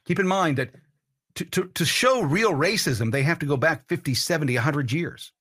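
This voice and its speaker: Animated ranting male commentator. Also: a little high, normal speed, husky. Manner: ranting, heated, blunt and profane. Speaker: host. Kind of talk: political commentary monologue.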